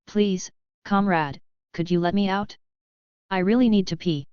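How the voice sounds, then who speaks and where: A woman voicing a female talking space dog in a storybook reading, slow and pleading. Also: mid-range voice, a little mellow, clean tone, dry recording, close to an everyday voice. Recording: dull, lo-fi dry recording.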